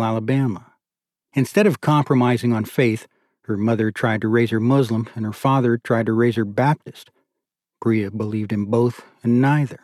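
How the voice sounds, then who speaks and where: A man reading an audiobook in the first person, measured and steady. His voice sits at a middle pitch and sounds dry and close, with no room around it. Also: dry recording. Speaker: audiobook narrator. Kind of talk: scripted audiobook narration.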